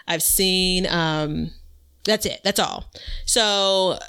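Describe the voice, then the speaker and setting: A woman's voice: lowish voice, extremely slow, sharp tone, clear, resonant tone. A woman co-hosting a podcast, telling a rambling story in casual chat and laughing often. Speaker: podcast co-host.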